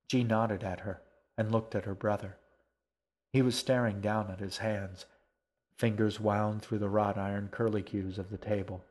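A man narrating a children's story in a steady, even storytelling manner. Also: on the low side, normal speed. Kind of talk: audiobook narration.

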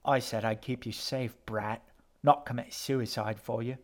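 Sneering bully boy with false cheer, read by a male narrator, menacing and slow at times. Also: mid-range voice, steady tone, close to an everyday voice. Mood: mocking. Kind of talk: audiobook character voice.

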